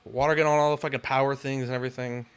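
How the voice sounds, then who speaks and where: A man's voice: mid-range voice, little pitch movement, rapid-fire, clean tone. Young man, podcast co-host, casual storytelling, frustrated and profane. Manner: exasperated, swears a lot, rants with rising outbursts.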